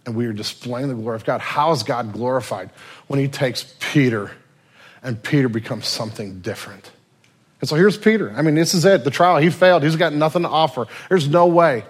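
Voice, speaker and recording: A male pastor preaching a sermon, telling stories with lively swings between loud and quiet passages. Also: mid-range voice, fairly quick, husky.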